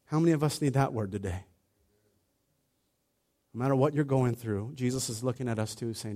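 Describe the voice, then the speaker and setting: A man preaching a sermon in a conversational, animated way, acting out little asides as he retells the story. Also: mid-range voice, a little fast.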